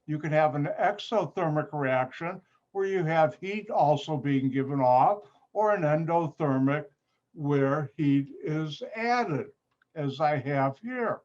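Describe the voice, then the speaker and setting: Slow-talking man lecturing over a video call. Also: a little high, lively intonation, darkish tone. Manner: unhurried, breaks up sentences with pauses. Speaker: chemistry instructor. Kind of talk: online lab lecture. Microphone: computer mic on a video call. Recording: dull, muffled video-call audio.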